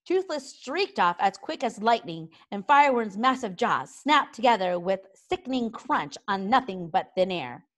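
A woman reading a children's book aloud with expressive narration. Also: mid-range voice, moderate pace, hardly any pauses. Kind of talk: storybook read-aloud.

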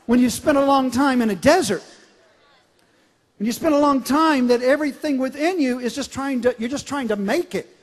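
Middle-aged male pastor with a very high voice, emphatic sermon delivery, recorded in a large church with long reverb. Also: normal speed. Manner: emphatic, swings from loud declarations to quiet storytelling.

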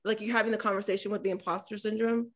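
A woman in her forties, an author talking on a panel over a video call, animated and acting out the voices in her stories. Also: medium pitch, racing. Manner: animated storyteller acting out dialogue. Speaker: author and former politician. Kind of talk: conversational talk on a panel.

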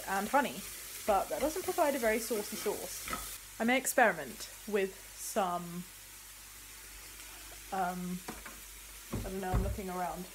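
A woman's voice: medium pitch, slight background noise. A young woman chatting candidly and animatedly to camera in a casual home vlog. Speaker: vlogger. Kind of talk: casual chat. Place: home, office and kitchen indoors.

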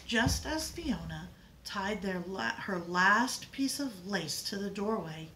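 A woman reading a picture book aloud in an expressive, dramatic way. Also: mid-range voice, a little hiss or hum, rough recording.

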